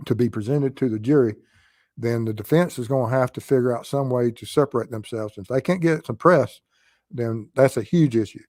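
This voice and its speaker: A man with a Southern US accent hosting a true crime live stream, answering chat questions in a halting way with many pauses. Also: mid-range voice, mellow, no echo. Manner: halting, with frequent pauses and fillers.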